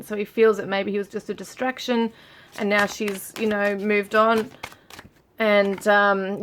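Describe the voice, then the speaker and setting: A woman giving a relaxed tarot reading, musing aloud with frequent fillers as she reads out card messages. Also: medium pitch, unhurried, a little hiss or hum. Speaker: tarot reader. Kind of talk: casual tarot reading for viewers.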